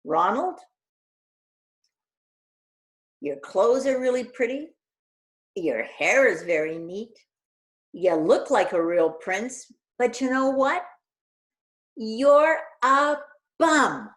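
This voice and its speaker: A woman voicing a clever, brave young princess who speaks brightly and boldly. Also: on the high side, takes it slowly, voice pushed up. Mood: defiant. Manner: bright, excited and bold.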